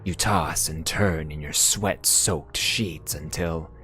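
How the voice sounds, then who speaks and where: A man narrating a game's story text aloud in a measured, brooding delivery as a let's-play host. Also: very deep voice, bright, forceful tone, soft background music. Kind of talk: slow dramatic narration of game text.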